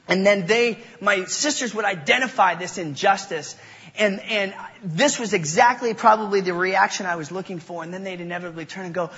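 A man's voice: sits high, bright, forceful tone. A young man preaching a sermon, mixing scripture teaching with playful, self-mocking stories from his childhood. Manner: playful, self-mocking storyteller with quick voice changes. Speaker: pastor. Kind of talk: sermon with personal storytelling. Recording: dull sound in a reverberant hall.

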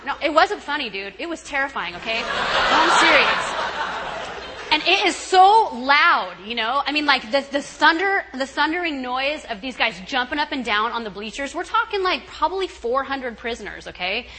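A woman guest speaker telling a story at a retreat in an animated, chatty way, full of "you know" and "right". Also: sits high, fairly quick, few pauses, background noise.

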